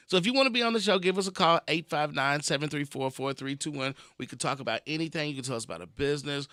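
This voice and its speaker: Male local radio host, rambling, friendly call-in chatter, bright tone. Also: a little high, fast, few pauses, dry recording, clean studio sound. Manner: rambling, chatty, self-deprecating. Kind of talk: casual call-in radio chat.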